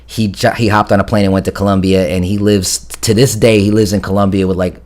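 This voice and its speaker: Low-voiced man telling a rough story. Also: flat delivery, fast talker, a little mellow. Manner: profane, rambling, corrects himself often. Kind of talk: casual storytelling.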